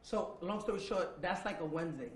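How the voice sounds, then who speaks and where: A man's voice: high voice, fairly quick, echoey room, a little hiss or hum, poor audio. A man telling a painful personal story as an interview guest, repeating dates and phrases, swearing, and dropping to a near-whisper at the hard parts. He sits indoors across from the interviewer.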